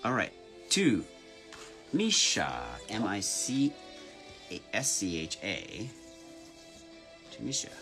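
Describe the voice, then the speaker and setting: A man's voice: lowish voice, huge pitch swings, slow pace, long pauses, over music. A man chatting casually on a live stream, reading out fans' names, spelling them, and signing orders in a playful way.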